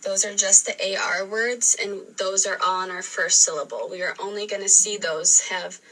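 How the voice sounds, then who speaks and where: A woman teacher giving a recorded spelling lesson, sounding words out slowly and clearly syllable by syllable. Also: medium pitch, bright, forceful tone. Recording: re-filmed video playback, distant sound.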